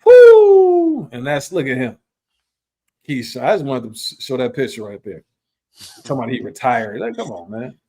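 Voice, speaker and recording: A man hosting a live boxing talk show, arguing in heated, slangy chat with sudden jumps in pitch and a lot of repetition. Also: very animated, normal speed, long pauses, slightly rough. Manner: slangy, repeats himself while arguing.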